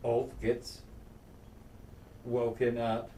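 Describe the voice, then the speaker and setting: Man excitedly recapping a show, echoey room. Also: mid-range voice, drawn-out words. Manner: excited, swearing, acts out scenes with sound effects. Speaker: podcast co-host. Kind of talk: casual chat recapping a TV episode. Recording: echoey room, mic at a distance, faint noise.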